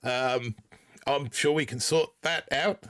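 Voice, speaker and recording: Man, put-on Aussie accent, rambling stream host, middle-pitched voice, dry and close. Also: slow pace, a bit bright, dry recording. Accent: put-on Australian accent. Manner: rambling, reads chat names aloud, jokey. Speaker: livestream host. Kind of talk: casual live-stream chat.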